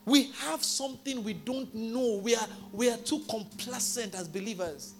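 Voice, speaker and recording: A male pastor preaching a sermon in a church, telling a story and building to loud, emphatic declarations. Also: very high voice, normal speed, soft background music.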